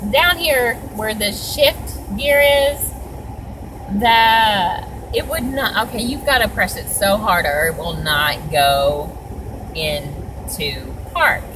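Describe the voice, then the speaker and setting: A woman's voice: medium pitch, noisy background. Rambling, upset woman in a car. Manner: rambling, upset, many fillers and restarts. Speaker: vlogger. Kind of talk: casual emotional vlog. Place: parked car.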